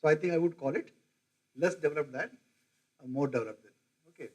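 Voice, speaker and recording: A man's voice: on the high side, quick pace, breathy edge, low-quality recording. Older man lecturing a class. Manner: conversational, quizzes the audience, mimics regional accents. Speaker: professor lecturing.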